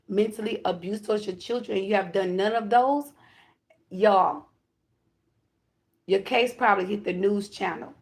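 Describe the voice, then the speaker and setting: A woman who calls herself a high priestess, delivering a channeled spiritual message to her viewers in emphatic, repetitive declarations with casual swearing. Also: darkish tone. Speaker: self-described high priestess giving a spiritual reading.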